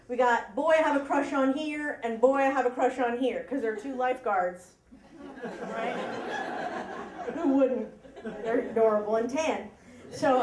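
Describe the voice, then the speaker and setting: A woman's voice: high-pitched, roomy sound. A woman telling a personal story live on stage to an audience, chatty and self-mocking, laughing at her own lines. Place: live event room with audience.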